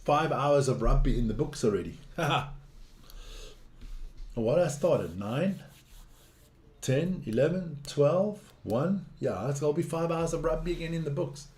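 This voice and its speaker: Man, slightly high voice, casual rugby watch-along, excitable, blunt, swears. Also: a little slow, long pauses. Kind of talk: casual live match commentary.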